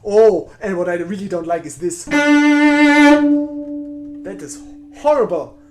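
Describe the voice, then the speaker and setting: Blunt, self-deprecating man, slightly high voice. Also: measured pace, mellow, faint music behind. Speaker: cellist answering viewer questions. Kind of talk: live online Q&A.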